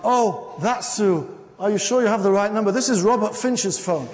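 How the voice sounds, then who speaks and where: Male lecturer reads a prim talking answering machine; high voice, long hall reverb. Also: moderate pace, background noise, close to an everyday voice. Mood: flustered. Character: polite evasive male answering machine, flustered.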